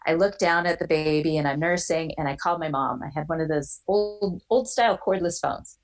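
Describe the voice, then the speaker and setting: A woman in her forties telling a personal story as a podcast guest, animated and quick to act out the voices of others. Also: sits low, low-quality recording.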